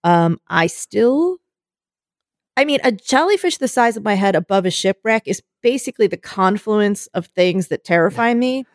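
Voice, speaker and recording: Woman, young adult, animated storytelling, mimics voices, dry recording. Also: medium pitch, normal speed, no echo. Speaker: co-host. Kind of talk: casual storytelling chat.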